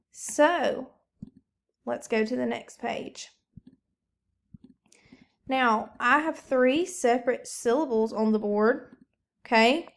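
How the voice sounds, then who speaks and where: A woman teacher giving a recorded phonics lesson, talking slowly and encouragingly to young pupils. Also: a little high, vocal fry.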